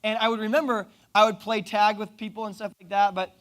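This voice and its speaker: A young man from Oklahoma preaching a youth sermon, telling stories with jokes and quick asides. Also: high-pitched. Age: young adult. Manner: animated, joking storyteller with asides. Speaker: youth pastor.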